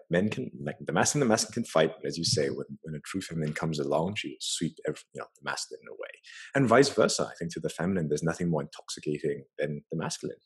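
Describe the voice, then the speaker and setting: A man's voice: low voice, slightly rough, rough recording. A man talking on a casual podcast, speaking emphatically and often checking in with the listener. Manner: emphatic, keeps checking in with "right?".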